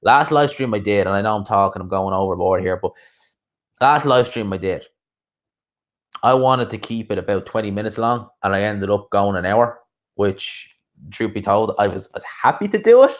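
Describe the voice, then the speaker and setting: A man's voice: fairly low pitch, lively intonation, normal speed. Rambling Irish man chatting on a live stream. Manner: rambling, chatty, swears freely. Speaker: boxing channel host. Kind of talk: casual live stream chat.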